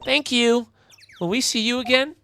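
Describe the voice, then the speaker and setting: A man voicing an excitable young female lawyer in a high, squealing falsetto. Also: normal speed, creaky, a little hiss or hum, full character voice. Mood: excited. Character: excitable young woman lawyer, jumpy and eager.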